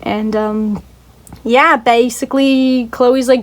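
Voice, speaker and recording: A woman's voice: on the high side, fairly even intonation, unhurried. Gushing young woman, casual rambling review. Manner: rambling, heavy on "like" and swearing; emotional, gushing. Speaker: video reviewer. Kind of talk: casual review, retelling a story.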